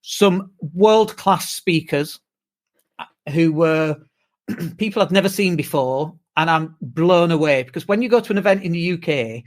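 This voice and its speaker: A British man co-hosting a podcast, chatting casually and tired from jet lag, telling animated stories with swearing and mimicked whoops. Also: a little high, a little slow. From United Kingdom. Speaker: podcast co-host. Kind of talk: casual chat.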